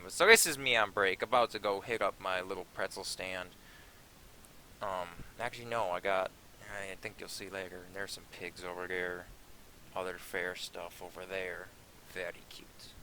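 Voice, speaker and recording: A man's voice: low-pitched, sharp tone, a little hiss or hum. A young man narrating his own vlog in a rambling, offhand way, swearing freely. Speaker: vlogger.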